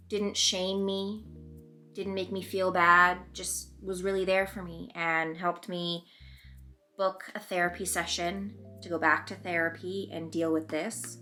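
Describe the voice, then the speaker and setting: Young woman vlogger, lowish bright voice, candid confessional chat. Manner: open and conversational, talking while doing her makeup. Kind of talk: candid confessional storytelling vlog.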